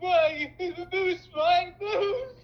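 A woman's voice: high voice, lively intonation, slow. A woman playing a temperamental male chef with a put-on French accent in a play read-through, theatrical and self-pitying. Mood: anguished. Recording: dull lo-fi with faint noise.

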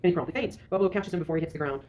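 A woman reading stage directions aloud in a rapid, matter-of-fact way. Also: fairly low pitch, darkish tone.

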